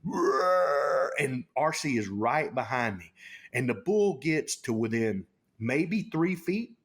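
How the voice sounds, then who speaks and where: Husky man telling a story. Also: medium pitch, lively intonation, a little slow. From Texas. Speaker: guest. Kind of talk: casual storytelling.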